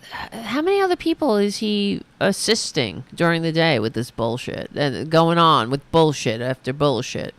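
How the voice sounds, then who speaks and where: A woman's voice: low-pitched, very animated, moderate pace, no echo. A woman hosting a podcast, giving sarcastic, profane political commentary and mocking what she hears. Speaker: podcast host.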